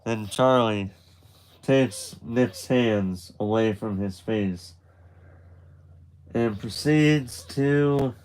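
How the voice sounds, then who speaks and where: A man's voice: medium pitch, extremely slow, pauses often, darkish tone, poor audio. A man narrating a graphic novel aloud on a live stream, casual and chatty, with restarts and asides. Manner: loose and chatty, with restarts and laughter.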